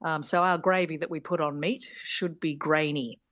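Woman, linguistics guest, lowish voice, fillers and restarts, dry dull lo-fi line. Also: steady tone, normal speed, a bit bright, no room sound. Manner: hesitant, many fillers and restarts, laughs often. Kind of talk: radio interview explanation.

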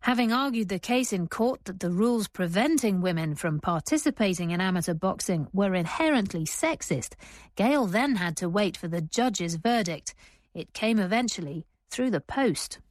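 A woman presenting and narrating a radio documentary, measured and composed as she asks questions. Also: mid-range voice, lively intonation, no room sound.

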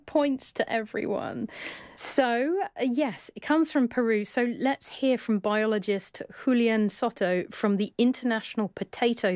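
A woman's voice: mid-range voice, a little mellow, no room sound, studio quality. A woman hosting a radio show, chatty and playful as she takes listener questions. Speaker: radio host.

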